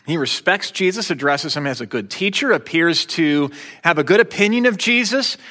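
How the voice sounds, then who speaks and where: A man's voice: on the high side, animated, moderate pace, bright, forceful tone, long reverb tail. A man preaching a sermon as pastor, in a conversational way with wry, joking asides.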